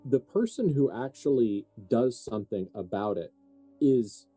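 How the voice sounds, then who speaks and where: A man narrating as game master of a tabletop horror game, animated and quick to laugh. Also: mid-range voice, breathy edge, faint music behind.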